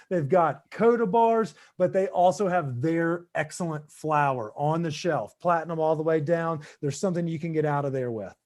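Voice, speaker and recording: A man with a fairly high voice hosts a casual podcast, talking loose and enthusiastic. He runs through plugs and introductions with easy, excitable energy. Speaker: podcast co-host.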